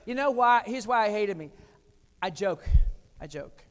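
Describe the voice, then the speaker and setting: Here an older American man gives a keynote with a high, a bit bright voice and lively intonation, pacing himself a little slowly. He spins humorous personal tales in short, punchy lines, recorded in an echoey hall.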